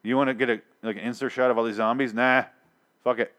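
A young man rants through a TV episode recap, profane, exasperated, and sarcastic, often stumbling and starting over. His mid-range voice holds a steady tone at a rapid-fire pace.

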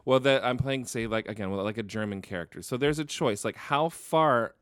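A man's voice: medium pitch, brisk, fairly bright tone, clean tone, dry recording. A young man with a Northern Michigan accent co-hosting a casual movie chat, thinking aloud earnestly and swearing freely. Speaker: podcast co-host.

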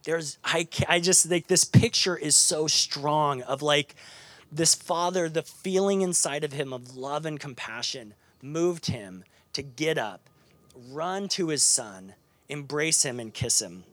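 A man preaching a sermon to a live congregation, chatty and animated, with lots of fillers and restarts. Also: fairly high pitch, measured pace, no room sound. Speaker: pastor. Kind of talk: conversational sermon.

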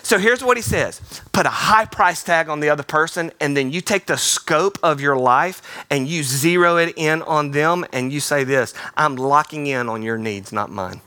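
Energetic pastor preaching. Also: male voice, a little high, no room sound. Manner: energetic, playful, acts out quick voices. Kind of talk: sermon. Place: theater.

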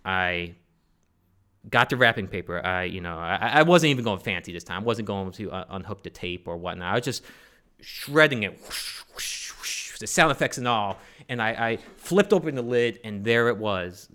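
A man's voice: fairly low pitch, bright, forceful tone, smooth. A man telling a personal story to a live audience, rambling and joking with many fillers and restarts. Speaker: storyteller on stage.

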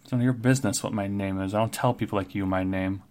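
A man's voice: lowish voice, fairly even intonation, fast, a little mellow, lightly acted. Man doing a sassy, scolding barmaid. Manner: scolding, demands manners. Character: sassy female barmaid, prickly and proud.

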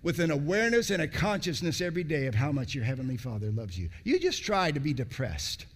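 A man preaching a sermon, repeating phrases for emphasis and swinging between loud, raised bursts and low, hushed lines. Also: big pitch swings, fast.

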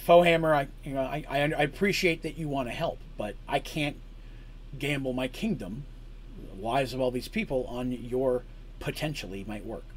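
A man's voice: mid-range voice, a little hiss or hum, natural voice. A man voicing a grave king who speaks as a loving father and ruler. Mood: solemn. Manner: solemn, measured.

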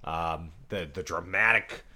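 A man co-hosting a podcast, talking in an easygoing way and pitching ideas with fillers. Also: measured pace, pushed and bright. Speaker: podcast co-host. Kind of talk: casual podcast discussion.

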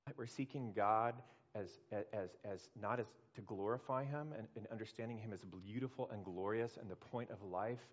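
A man preaching a sermon as pastor, animated and acting out the voices he quotes, from swelling to hushed. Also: mid-range voice, muffled recording.

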